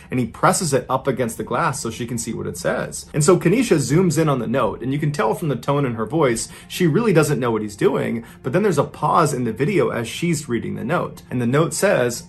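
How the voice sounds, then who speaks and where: A man's voice: medium pitch, vocal fry. A man hosting a podcast, narrating a true story in a dramatic storytelling style, his voice rising and speeding up as the tension builds. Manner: builds tension, voice rising and quickening in tense moments.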